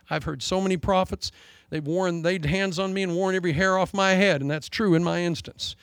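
Gravelly animated male preacher. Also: a little fast, no room sound. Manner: animated preaching with acted-out quotes, wide swings in pitch and volume. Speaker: pastor. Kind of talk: sermon.

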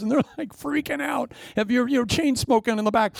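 A man preaching a sermon, telling a story with lively energy and acting out the voices. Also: very high voice, brisk, gravelly, few pauses, no room sound, studio quality. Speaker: pastor.

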